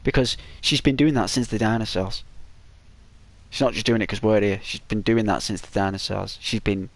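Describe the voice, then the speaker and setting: A sleepy man giving rambling, musing commentary over a relaxed gameplay video. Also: lowish voice, normal speed, no echo. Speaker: channel host.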